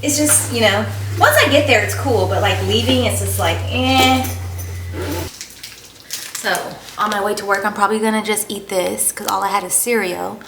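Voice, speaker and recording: A woman's voice: normal speed, echoey room. Chatty young woman vlogging over noise. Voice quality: giggly and excitable, voice jumps high when moved. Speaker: night-shift hospital nurse. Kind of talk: casual vlog to camera. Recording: noisy background hiss.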